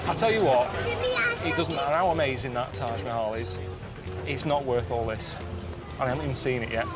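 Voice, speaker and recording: An English man presenting a travel show, with a dry, grumbling, deadpan way of talking to camera, often from a busy street outdoors. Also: medium pitch, brisk. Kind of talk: casual to-camera travel commentary. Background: music.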